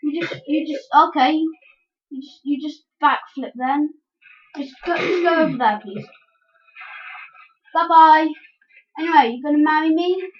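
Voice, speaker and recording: A woman commentating a game in a casual let's-play, excitable, with yelps and giggly outbursts. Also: sits high, a little slow, pauses often, lo-fi sound. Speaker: gameplay commentator.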